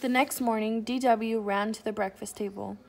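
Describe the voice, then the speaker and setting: Woman, children's book read-aloud, expressive, clear, fairly high voice. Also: normal speed. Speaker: storybook reader.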